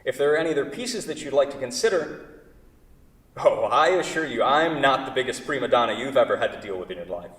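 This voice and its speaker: A man's voice: mid-range voice, expressive, brisk, a bit bright, close to an everyday voice. A man reading the part of a fussy, prideful furniture maker at a staged play reading, prim and stubborn, sputtering through restarts. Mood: indignant. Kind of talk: staged play reading, one side of a phone call. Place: large indoor theater stage. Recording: echoey theater hall, mic far off.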